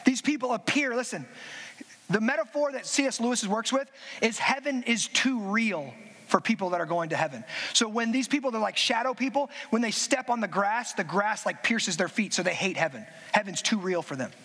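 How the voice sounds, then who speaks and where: A man preaching a sermon, speaking emphatically with drawn-out phrases and casual asides to the congregation. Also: sits high, expressive, a bit bright. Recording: reverberant hall.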